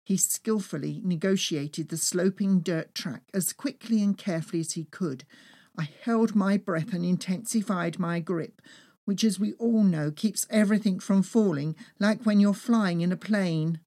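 A woman reading her own travel memoir aloud with lively, expressive storytelling. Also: lowish voice, a little slow. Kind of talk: first-person memoir reading.

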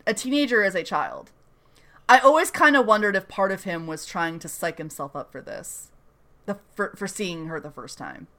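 A woman's voice: medium pitch, animated, moderate pace, bright, forceful tone. A young woman hosting a podcast, chatting casually and animatedly while recapping a TV episode and acting out its scenes. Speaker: podcast host.

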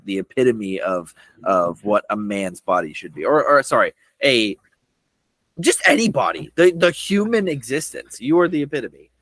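Lively, laughing young podcast host. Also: male voice, medium pitch, no echo, low-quality recording. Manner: laughs often, restarts and self-corrects. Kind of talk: casual chat.

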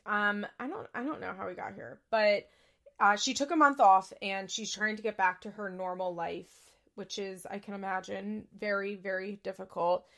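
Young woman gabbing on a podcast, lots of fry, candid and swears a lot. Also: mid-range voice, fairly even intonation, normal speed, a bit bright. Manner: candid, chatty, swears freely. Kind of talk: casual chat recapping a reality show.

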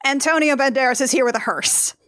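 A woman's voice: sits high, brisk, a bit bright, clean tone, no echo, clean studio sound. A woman co-hosting a podcast, recapping a movie in a wry, jokey way and acting out the characters' lines. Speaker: podcast co-host. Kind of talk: casual movie-recap chat.

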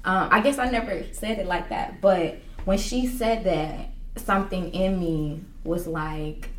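A woman's voice: on the low side, measured pace, hardly any pauses, a little hiss or hum. A woman working as a doula, telling her story in an earnest, reflective way with many fillers. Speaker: doula, guest. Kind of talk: personal storytelling in an interview. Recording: roomy, from a distance.

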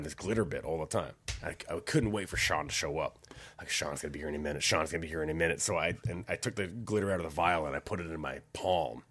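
A man casually telling a rowdy story on a podcast, swearing freely and jumping into high-pitched voices when quoting people. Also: husky. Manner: animated, swearing, acts out voices with big pitch jumps. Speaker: podcast co-host.

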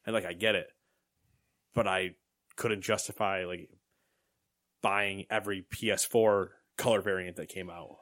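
A man's voice: deep voice, fairly even intonation, a little slow, pauses often, fairly bright tone, no echo, clean studio sound. A young man co-hosting a casual gaming podcast, joking and rambling with sarcastic asides, hiccuping now and then. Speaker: podcast co-host. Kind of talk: casual chat.

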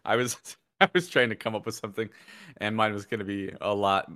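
Low, bright-toned man chatting and laughing. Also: fairly even intonation, brisk. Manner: laughing, rambling with restarts. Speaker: podcast co-host. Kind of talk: casual podcast chat.

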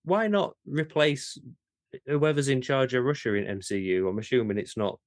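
A man co-hosting a podcast in casual chat, animated and incredulous, with some swearing and restarts. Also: medium pitch, fast talker, dry recording, clean studio sound. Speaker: podcast co-host.

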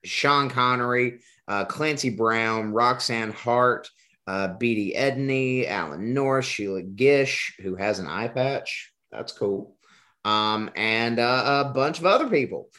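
A man's voice: medium pitch, slow, bright, forceful tone. A man hosting a podcast in casual chat, rambling and joking, often restarting his words. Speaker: podcast host.

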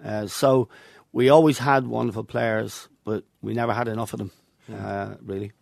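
A man's voice: fairly low pitch, fairly even intonation, moderate pace, vocal fry, darkish tone, no room sound. An older Irish man, a guest in an interview, telling anecdotes from his football past with chuckles between stories. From Ireland. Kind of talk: reminiscing interview.

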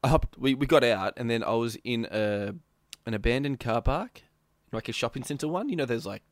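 A man's voice: mid-range voice, animated, moderate pace, no echo. A man casually retelling a gaming roleplay story, rambling and laughing often. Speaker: gamer recounting a roleplay session.

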